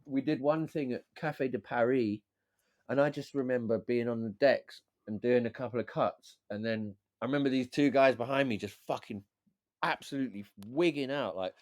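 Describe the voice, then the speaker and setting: A man, a DJ and beat maker who is a guest on a podcast, telling stories in a lively, swearing, casual way and acting out what others said. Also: medium pitch, normal speed, dry recording, studio quality. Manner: animated, swears freely, acts out quotes. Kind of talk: casual storytelling chat.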